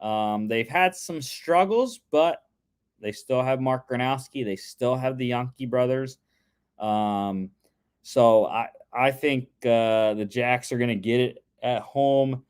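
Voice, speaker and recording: A man's voice: medium pitch, takes it slowly, clear, resonant tone. A young man co-hosting a casual sports podcast, chatting through his football picks with lots of fillers and restarts.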